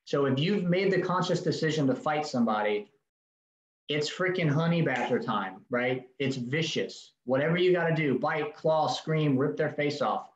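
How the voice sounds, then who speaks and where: Male safety instructor, direct and emphatic, slightly high voice; roomy, muffled recording. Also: expressive, moderate pace. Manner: direct, emphatic, acts out short exchanges. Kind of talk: recorded training seminar.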